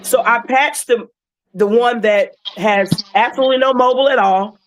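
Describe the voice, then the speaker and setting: A woman telling a client's story in a casual, animated way, with emotional moments. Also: a little high, moderate pace, poor audio. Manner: animated, emotional retelling with acted quotes. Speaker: wellness patch seller sharing a client story.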